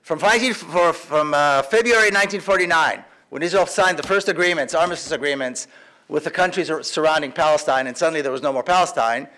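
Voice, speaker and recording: A man's voice: a little high, fast talker, sharp tone. A man giving an impassioned public speech in a large lecture hall, emphatic and repeating phrases for force. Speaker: activist speaker.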